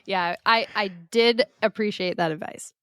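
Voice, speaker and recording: A woman's voice: medium pitch, fairly even intonation, unhurried, a bit bright, no echo, studio quality. A woman co-hosting a running podcast in casual chat, giggly and upbeat, a little congested from a cold. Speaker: podcast co-host.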